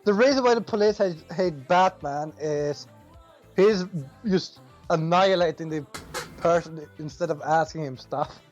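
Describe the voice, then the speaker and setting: A podcast co-host chatting casually, halting and trailing off in loose sentences. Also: medium pitch, highs cut off, soft background music. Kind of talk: casual chat.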